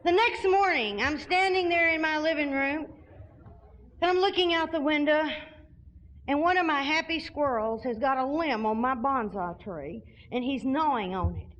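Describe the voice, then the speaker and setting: A middle-aged woman from Arkansas, telling a funny personal story to an audience at a recovery convention in an animated, folksy way, laughing often. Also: high-pitched, moderate pace, low-quality recording. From Arkansas, USA.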